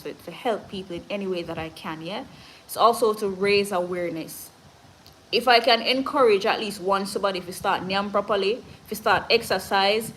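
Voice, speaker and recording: A woman's voice: mid-range voice, fairly bright tone, a little hiss or hum, poor audio. A woman with a Jamaican accent, hosting a casual live stream and reading viewer comments. She talks in an earnest, motivational way, moves between patois and standard English, and is short of breath.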